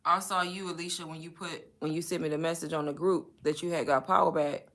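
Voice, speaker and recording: A young woman hosting a live stream, telling stories in an animated, chatty way. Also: low voice, fast talker. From Texas. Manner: animated storytelling with laughs. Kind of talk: casual chat.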